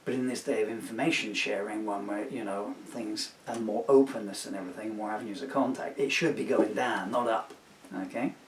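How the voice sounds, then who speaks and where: A man's voice: lowish voice, fairly even intonation, fairly quick, slight background noise. A man in his sixties, a singer-songwriter, talking casually between songs, rambling and indignant, with many asides. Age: 60s. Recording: roomy, distant home recording.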